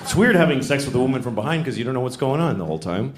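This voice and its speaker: A middle-aged male stand-up comedian telling stories in a deadpan, self-deprecating way and acting out voices. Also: medium pitch, rapid-fire. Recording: echoey live club recording with noise.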